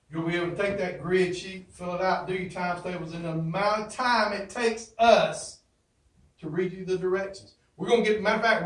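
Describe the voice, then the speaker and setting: High-voiced man teaching in an echoey classroom. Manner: emphatic, repeats catchphrases, asks the class questions. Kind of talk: motivational classroom talk. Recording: roomy echo, from far off.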